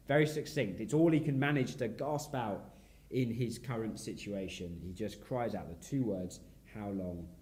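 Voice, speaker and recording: Mellow-voiced male preacher. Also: on the low side, moderate pace. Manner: reflective, voice sinking softly at phrase ends. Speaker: pastor. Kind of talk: expository sermon.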